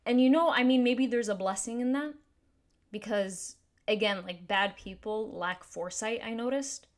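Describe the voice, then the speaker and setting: A woman's voice: on the high side, moderate pace. A woman giving casual spoken commentary to camera, earnest and thinking aloud, with frequent restarts and fillers like "like" and "you know". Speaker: commentary YouTuber.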